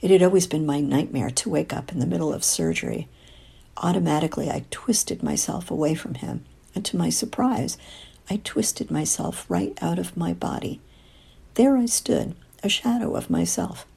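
A woman's voice: fairly low pitch, moderate pace, gravelly, warm tone, slightly rough. An older woman reading a first-person story aloud in a wry, confiding way, dropping into whispers at times. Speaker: audiobook narrator.

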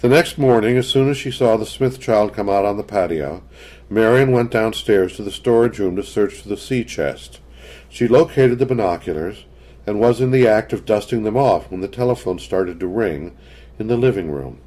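A man reading a story aloud as narrator, in a measured storytelling manner. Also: fairly low pitch, warm tone. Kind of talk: scripted narration.

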